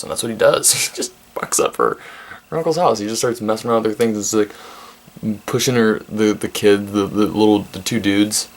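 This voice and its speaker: Gravelly young man rambling about a movie. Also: fairly low pitch, normal speed. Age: 20s. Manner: rambling, profane, laughs often, many restarts. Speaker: vlog host reviewing a movie. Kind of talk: casual comedic movie recap.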